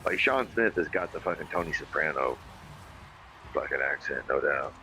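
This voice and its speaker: A man's voice: a bass voice, animated, normal speed, bright, forceful tone, slight background noise, low-quality recording. A man hosting a casual livestream, rambling and swearing freely as he reads viewer comments aloud. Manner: rambling, profane, emphatic. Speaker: livestream podcast host.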